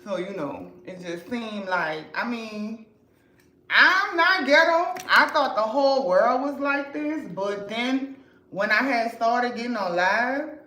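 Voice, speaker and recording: A woman from New Orleans with a New Orleans accent chats bluntly and talkatively on a livestream, swearing a lot as she sells to customers. Her voice is on the high side with a fairly bright tone, she takes it slowly, and the rough recording is reverberant.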